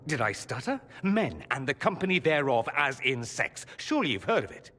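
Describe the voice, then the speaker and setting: A sardonic, proud male mage in a game scene. His husky voice swings widely in pitch, sharp with sarcasm and bitter barbs. A long reverb trails his words. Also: sing-song, normal speed. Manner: sarcastic, cutting, rising to anger. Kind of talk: game character dialogue.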